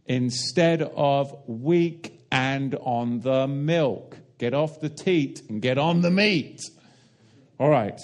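A man's voice: mid-range voice, slow. A man preaching a sermon, emphatic and direct, asking the listeners rhetorical questions and explaining Hebrew and Greek terms.

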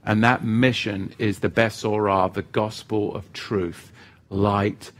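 A man's voice: fairly low pitch, fairly even intonation, takes it slowly. Feisty, teasing male livestream preacher. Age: parent of children living at home. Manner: feisty, teasing, swings between loud outbursts and soft asides. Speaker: livestream Bible teacher reading viewer comments. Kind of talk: live-stream teaching and chat.

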